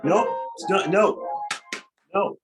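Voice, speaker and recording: A man's voice: high-pitched, slow, poor audio. A man coaching a piano student in a lesson, blunt and corrective, often stopping the student to explain dynamics. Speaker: piano teacher in a masterclass. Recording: loud piano playing behind the voice.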